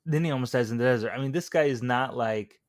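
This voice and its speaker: A man's voice: medium pitch, fast talker, no room sound, clean studio sound. A man co-hosting a podcast, chatting casually about a movie in a laid-back way, full of "like" and "right". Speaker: podcast co-host. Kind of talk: casual movie review chat.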